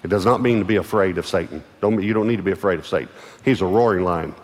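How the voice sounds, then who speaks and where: Pastor, lowish male voice, emphatic preaching delivery in a reverberant church hall. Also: fast. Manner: emphatic preaching, building in force and pitch. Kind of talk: sermon. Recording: long hall reverb with faint music.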